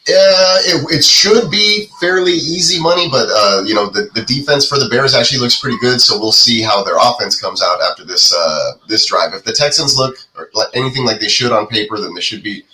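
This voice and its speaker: A man's voice: mid-range voice, a little fast, hardly any pauses, sharp tone, slight background noise, poor audio. A man hosting a fantasy football watch-party podcast, giving casual play-by-play with lots of fillers. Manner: laid-back, filler-heavy play-by-play. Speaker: podcast host. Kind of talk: casual live game commentary.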